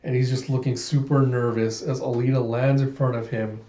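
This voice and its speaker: A man's voice: mid-range voice, level tone, normal speed, dark tone. A man casually recapping a comic story with enthusiastic, rambling narration, in a roomy, dull-sounding recording. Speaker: comic readthrough host.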